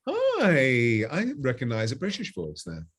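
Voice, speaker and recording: A man's voice: medium pitch, huge pitch swings, unhurried, fairly bright tone, slight background noise. A man speaking as a spiritual guest on a live call-in show, effusive and flowery, calling callers darling.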